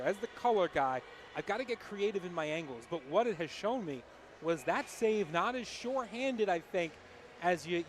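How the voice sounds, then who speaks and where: A man's voice: high voice, a little hiss or hum. A man doing color commentary at a college hockey game, chatty and teasing.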